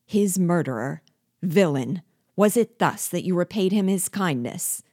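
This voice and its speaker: A woman reading aloud and voicing a horrified young nobleman of twenty who cries out in loud, outraged exclamations. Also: sits low, fairly even intonation, a little slow, dry recording, studio quality.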